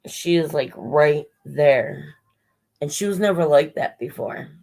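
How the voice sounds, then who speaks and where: A woman's voice: low voice, unhurried, gravelly, a little mellow, poor audio. A woman chatting casually on a livestream, rambling and swearing a little as she greets viewers by name, her voice strained and short of breath.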